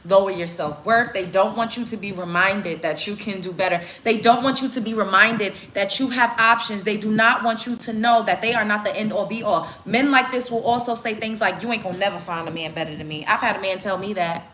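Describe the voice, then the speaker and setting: A woman's voice: medium pitch, fairly quick, few pauses, sharp tone. A woman in her twenties giving relationship advice in a casual get-ready-with-me stream, stressing points by repeating them. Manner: emphatic, repeats phrases for stress. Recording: echoey room with faint hiss.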